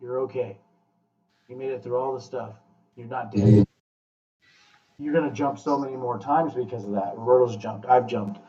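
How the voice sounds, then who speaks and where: A man hosting a podcast, talking casually in a blunt, profane, animated pep-talk way. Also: mid-range voice, normal speed, pauses often. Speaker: podcast host. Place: room with guests. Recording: echoey, distant, muffled room mic.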